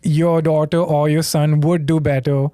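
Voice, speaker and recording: A man's voice: on the high side, flat delivery, measured pace, dark tone, no echo, clean studio sound. A man from India, a comedian guesting on a podcast, talking in an easygoing, thoughtful way. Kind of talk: casual chat.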